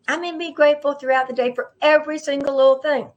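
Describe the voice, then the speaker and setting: A woman's voice: sits high, steady tone, quick pace, highs cut off. A woman speaking earnestly and emphatically to camera from a seated indoor setup, repeating her key phrases. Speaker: spiritual speaker. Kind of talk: inspirational talk to camera. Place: indoors, seated in a lit room. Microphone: microphone at a camera setup.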